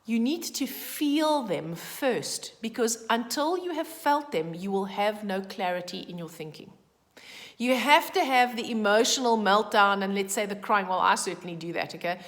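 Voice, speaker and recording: Woman vlogger, casual emphatic forecast, ringing room, mid pitch. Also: moderate pace, big-room sound. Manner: chatty, emphatic, animated with asides. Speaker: numerology vlogger. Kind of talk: casual daily forecast talk.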